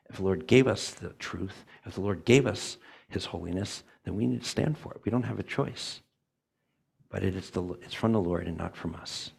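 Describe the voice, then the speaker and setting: A male church elder delivering a sermon with a gravelly, husky voice. He sits low in pitch and preaches earnestly, driving points home with repetition and acted-out quotes.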